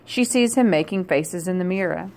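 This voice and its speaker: A woman's voice: lowish voice, moderate pace, a little mellow. Woman reading a children's story aloud. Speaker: storybook reader. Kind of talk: children's read-aloud narration.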